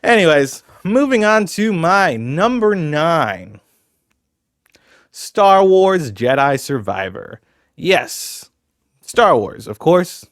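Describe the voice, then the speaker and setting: A man's voice: medium pitch, dry recording, clean studio sound. A man casually talking through his ranking of video games, rambling and conversational with lots of asides. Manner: chatty, rambling, fillers like "you know". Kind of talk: casual commentary.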